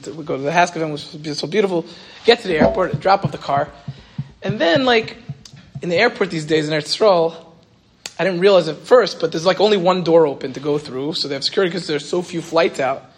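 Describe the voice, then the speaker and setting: A rabbi telling a story in an animated way, acting out the dialogue and saying "like" a lot. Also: male voice, a little high, a little fast. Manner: animated storytelling, acts out quoted dialogue, frequent "like". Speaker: rabbi and teacher. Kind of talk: storytelling Torah talk.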